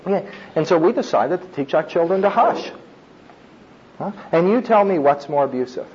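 A middle-aged man preaches in a loose, talkative way, tossing in asides and short laughs. His voice sits a little high for a man and sounds husky, and the recording is dull and muffled. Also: expressive, normal speed, darkish tone. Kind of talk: sermon on child discipline.

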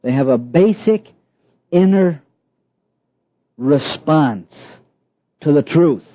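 A middle-aged man preaching a sermon, slow and emphatic, with dramatic pauses and soft asides. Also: a little high, expressive, no room sound. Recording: dull, lo-fi dry sound.

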